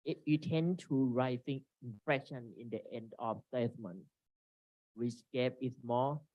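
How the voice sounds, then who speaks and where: Halting man presenting a seminar. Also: mid-range voice, fairly even intonation, no room sound. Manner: halting, reads from slides with frequent restarts. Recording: dry, dull lo-fi recording.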